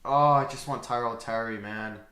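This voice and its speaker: A young man hosting a live draft reaction stream, excitable and talking back to his chat, swinging from near-shouts to mutters. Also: mid-range voice, moderate pace. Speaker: livestream host. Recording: roomy echo.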